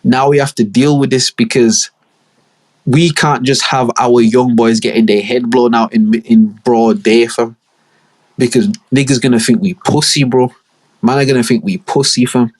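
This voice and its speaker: A young man with a husky, slightly breathy voice talks through a long story on his solo podcast. He rambles and swears and leans on street slang. His pitch sits mid-range for a man. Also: fairly even intonation, moderate pace, darkish tone. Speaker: podcast host.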